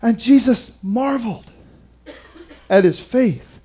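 A man preaches in a high voice at an unhurried pace. He reads scripture aloud and retells it dramatically, his delivery swinging from quiet to loud for emphasis. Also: breathy edge. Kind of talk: sermon.

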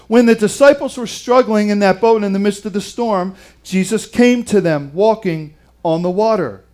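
A man preaching a sermon, reading scripture and retelling it with dramatic, emphatic delivery and wide swings in loudness. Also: high-pitched, moderate pace, hardly any pauses.

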